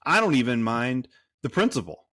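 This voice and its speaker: A man's voice: mid-range voice, sing-song, normal speed, fairly bright tone, no room sound, studio quality. A man co-hosting a movie podcast in casual chat, rambling and cursing, full of fillers and restarts. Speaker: podcast co-host.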